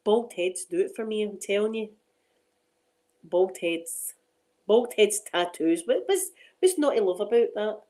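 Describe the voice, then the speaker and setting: A woman's voice: medium pitch, animated, normal speed, few pauses, warm tone, poor audio. A middle-aged Scottish woman hosting a casual chat on her ASMR channel, rambling and laughing often.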